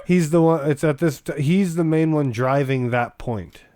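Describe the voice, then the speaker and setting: Man, podcast co-host, casual chat, agreeable, short replies, slightly high voice. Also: moderate pace, mellow. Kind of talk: casual movie-recap chat.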